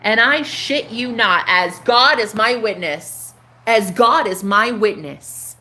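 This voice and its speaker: A woman in her thirties, a spiritual coach, telling a personal story to her viewers in an animated, casual way, swearing freely. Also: a little high, takes it slowly. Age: 30s.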